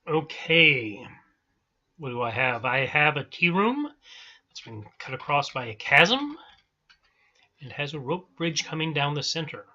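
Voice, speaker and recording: A man's voice: fairly high pitch, measured pace, pauses often, muffled recording. A man hosting a daily game playthrough, chatting casually and thinking aloud as he plays. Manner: relaxed, thinking aloud with fillers. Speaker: let's-play host. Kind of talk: casual gameplay commentary.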